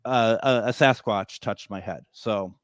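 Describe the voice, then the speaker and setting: A man's voice: on the low side, fairly bright tone, no echo, clean studio sound. A man hosting a casual livestream chat, joking and laughing a lot. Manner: jokey, laughs a lot, puts on quick voices for friends. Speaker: host.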